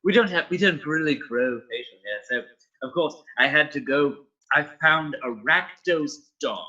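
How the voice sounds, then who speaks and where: A man at a tabletop game rambling through confident explanations. His voice is bright, husky and sounds distant, with dull sound. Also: on the high side, expressive, normal speed. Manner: rambling, self-assured explaining. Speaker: player. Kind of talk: in-character play at a tabletop game.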